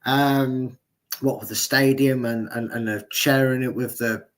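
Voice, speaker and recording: A man's voice: medium pitch, steady tone, measured pace. A man co-hosting a fan live stream, giving rambling, jokey opinions. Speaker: fan channel co-host. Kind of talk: casual live-stream chat.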